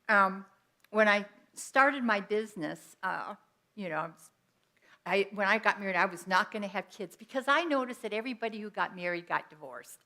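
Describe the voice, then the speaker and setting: A middle-aged woman minister preaches with a clear, bright voice. She tells personal stories in a lively way and acts out the lines of the people in them. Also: medium pitch. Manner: animated storytelling with quoted asides and laughter. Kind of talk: sermon.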